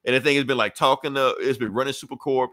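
A man's voice: mid-range voice, steady tone, fast, a bit bright, no room sound, clean studio sound. A man co-hosting a podcast, casually retelling a comic book plot with profane slang and acting out the characters' lines. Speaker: podcast co-host reviewing comics.

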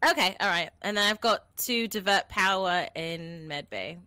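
Lively, bright-voiced woman gamer. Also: fairly low pitch, normal speed. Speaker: game player. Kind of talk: casual gaming chat.

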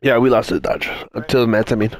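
A man's voice: mid-range voice, steady tone, fairly quick. A young man in casual party chat while gaming, teasing his friends and laughing a lot, on a headset. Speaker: gamer in voice chat.

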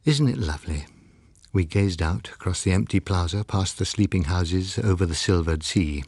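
A man narrating a novel in a measured, expressive storytelling manner. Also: deep voice, husky, no echo. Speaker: audiobook narrator. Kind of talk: scripted narration.

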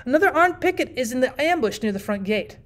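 A woman's voice: sits high, fast. A woman reading aloud, voicing a cool, mischievous young man who speaks carelessly and matter-of-factly about dreadful plans. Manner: calm, careless, matter-of-fact.

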